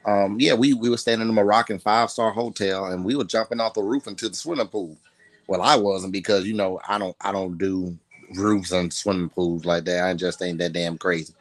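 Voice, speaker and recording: A man's voice: sits low, steady tone, fairly quick, no room sound. A man co-hosting a casual chat podcast, telling loose stories with repeated asides. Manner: laid-back storyteller with repeated asides. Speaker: podcast co-host.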